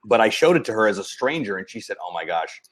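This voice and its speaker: A man hosting a casual talk show, relaxed and chatty as he tells his own story. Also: on the low side, fast. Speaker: host. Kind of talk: casual chat.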